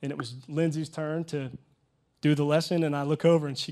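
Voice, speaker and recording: A man's voice: on the high side, fairly quick. A man in his thirties preaching a sermon, telling funny personal stories and talking straight to his congregation. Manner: lively storytelling with humor and asides to the congregation. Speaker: pastor.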